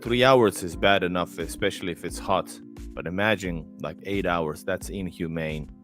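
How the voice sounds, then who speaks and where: Livestream host, male, deep low voice, rambling casual delivery, faint music bed. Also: moderate pace, fairly bright tone. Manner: rambling, many fillers and restarts. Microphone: close desk mic.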